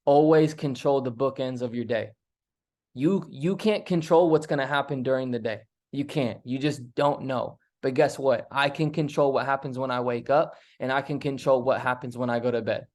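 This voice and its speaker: A young man giving an energetic, emphatic motivational talk as a mentor, often repeating himself and acting out quoted voices. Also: medium pitch, normal speed. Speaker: mentor speaker.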